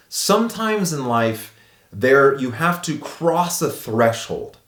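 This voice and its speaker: A man in his thirties who vlogs in a relaxed, animated way and throws in "dude" and "bro" a lot. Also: mid-range voice, takes it slowly. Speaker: vlogger. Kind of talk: casual storytelling vlog. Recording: echoey room.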